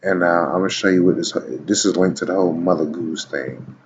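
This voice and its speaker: A man's voice: sits low, a little fast. A man reading dictionary entries aloud in a casual video, stopping often to tell the listener to watch and keep listening. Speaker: video blogger. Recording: dull lo-fi recording with faint background noise.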